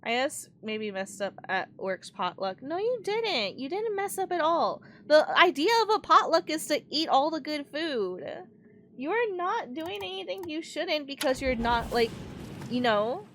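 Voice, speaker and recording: A young woman streams and talks casually to her viewers, her voice sitting a touch higher than most. She rambles, fills gaps with "like", and laughs often. Her close desk mic catches her clearly. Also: sing-song, measured pace, a bit bright, slight background noise. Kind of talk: casual chat while livestreaming a game.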